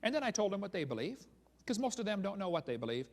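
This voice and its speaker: A man's voice: high-pitched, big pitch swings, fast talker, a little mellow, in a large hall. A man giving a humorous seminar talk as a creationist speaker, sarcastic and chuckling at his own jokes.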